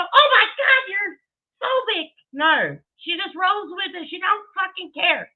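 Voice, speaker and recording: A woman giving a heated, profane commentary rant with emphatic delivery and laughing asides. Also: high voice. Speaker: commentary streamer. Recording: tinny phone-like audio.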